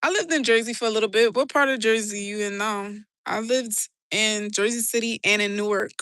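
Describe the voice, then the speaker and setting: A woman's voice: medium pitch, a little fast, a bit bright, smooth, no room sound. A young woman with a New York accent, chatting casually on a livestream, slangy and laughing often as she answers her chat. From New York City. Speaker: live streamer reading chat.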